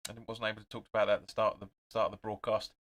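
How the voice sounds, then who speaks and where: Excitable man doing watch-along commentary. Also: on the low side, racing. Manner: excitable, swears, chats with viewers between play calls. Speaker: host of a live football watch-along.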